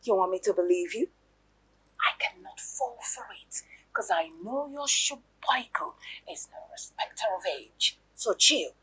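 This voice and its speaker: A Nigerian woman playing a jealous, dramatic girlfriend in a Nollywood film, loud and mocking. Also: on the low side, a little fast, few pauses, breathy edge. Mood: scheming. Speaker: actress.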